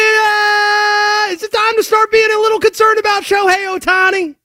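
A man putting on a loud, excitable Cajun-drawling conspiracy character who rambles through hot takes. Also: high voice, no echo, clean studio sound, full character voice.

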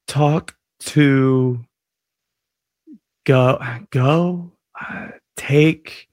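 A slightly high-voiced male sports radio host who talks in a playful, self-mocking way. His voice is close and dry, with no room sound around it. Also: unhurried, no echo. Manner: jokey, self-deprecating, animated. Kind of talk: casual sports radio chat.

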